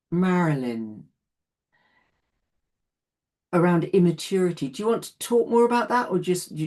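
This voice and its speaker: A woman's voice: low-pitched, dark tone. A woman in her late sixties teaching an online class in a chatty way, often laughing between points. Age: 60s.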